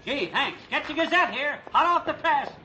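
Loud brassy paper seller in an old radio comedy, barking, faint hiss behind. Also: male voice, extremely high pitch, animated, normal speed, exaggerated voice, rough recording. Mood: brash. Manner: loud barking street-hawker calls. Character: brash middle-aged man hawking newspapers. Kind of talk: 1940s radio comedy acting.

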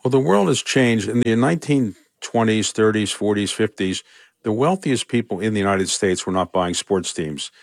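An older man from Baltimore answering questions in a radio interview, speaking in a measured, conversational way. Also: on the low side, vocal fry, no echo, studio quality. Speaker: interviewee, sports team owner.

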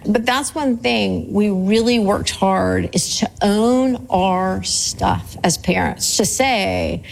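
A woman's voice: medium pitch, sing-song, takes it slowly, creaky, few pauses, a little hiss or hum, low-quality recording. A woman in her forties preaching a sermon on parenting in an earnest, conversational way, repeating her key points. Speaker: church speaker.

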